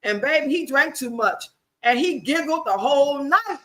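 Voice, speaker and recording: High, bright-voiced sassy woman storyteller. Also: animated, moderate pace. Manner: sassy, laughing, talks back to viewers. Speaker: livestream host. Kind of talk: casual storytelling to a live chat.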